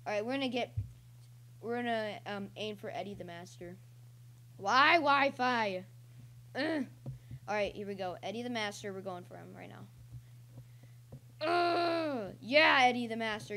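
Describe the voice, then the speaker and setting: A young woman hosting her own channel casually commentates her online gameplay, rambling and bursting into excited yelps and cheers. She has a medium pitch, with slight background noise present.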